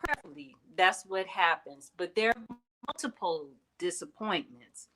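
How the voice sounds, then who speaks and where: A woman's voice: on the low side, lively intonation, unhurried, noisy background. A middle-aged woman hosting a heartfelt motivational talk, earnest and candid, with emphatic rises in her speech. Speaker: host.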